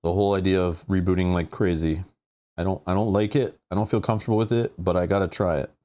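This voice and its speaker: Excitable low-voiced man thinking aloud. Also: fast. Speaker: board game streamer. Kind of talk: live solo board game playthrough.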